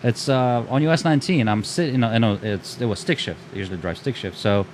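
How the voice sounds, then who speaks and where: A man with a mid-range voice talking very fast in relaxed podcast chat. He tells rambling stories full of fillers. A faint ambient hiss sits under the voice. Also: medium pitch. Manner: quick, loose storytelling with filler words. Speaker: podcast co-host. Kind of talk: casual chat.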